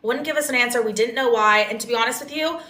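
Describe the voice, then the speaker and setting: A young woman in a casual video, telling an upsetting story in an indignant, rapid way. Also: on the high side, sharp tone, roomy sound. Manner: indignant, fast-talking, quoting others.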